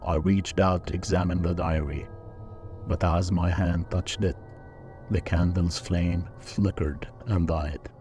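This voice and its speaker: A man reading a scripted first-person horror story in a slow, measured, even delivery. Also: deep voice. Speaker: narrator.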